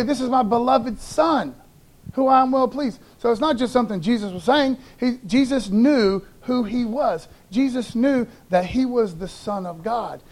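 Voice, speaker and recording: A man's voice: extremely high pitch, a little mellow. A man preaching a sermon as a pastor, in a casual, enthusiastic way with slangy asides.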